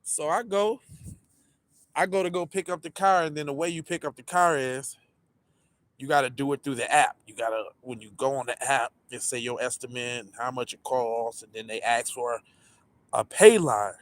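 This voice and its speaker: A man casually telling a story, animated and full of swearing, acting out the people in it. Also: mid-range voice, normal speed, no echo. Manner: animated, profane, acts out the people in his story. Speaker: podcast storyteller.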